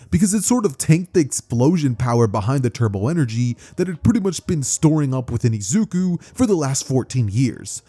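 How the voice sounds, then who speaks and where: Casual male narrator, mellow animated voice. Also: mid-range voice. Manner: conversational, loose fillers like "kinda" and "pretty much". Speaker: storyteller. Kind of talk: casual fan-fiction narration.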